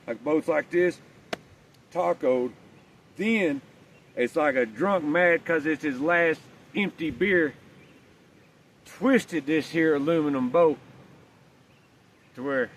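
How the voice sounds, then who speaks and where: Male vlogger, casual rambling yarn told outdoors, slightly raised pitch, recorded from a distance. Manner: rambling, folksy, swears casually. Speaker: vlogger telling a story. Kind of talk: casual storytelling. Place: outdoors, walking with a dog. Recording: distant mic, faint outdoor noise.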